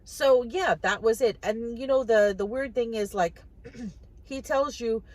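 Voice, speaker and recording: A woman's voice: on the high side, measured pace, darkish tone, no echo, poor audio. A woman vlogger talking casually to the camera, telling a personal story in a chatty way, often repeating and restarting her words.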